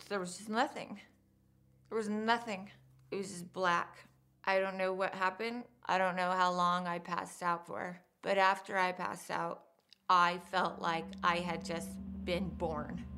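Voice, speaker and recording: A woman giving documentary interview testimony as a crime survivor, in a measured, halting, hushed way. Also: lowish voice, little pitch movement.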